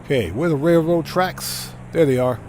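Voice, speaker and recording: A man's voice: a little high, animated, moderate pace, noisy background. A man live-streaming a game, chatting casually, greeting new subscribers and reading viewers' messages aloud. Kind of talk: live gameplay commentary.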